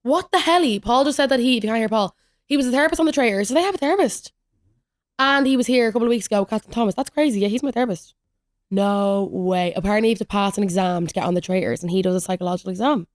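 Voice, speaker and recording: Rapid-fire and medium-pitched, a young woman hosting a podcast chats her way through rambling stories on her own, leaning heavily on "like." The recording is clean studio sound with no echo.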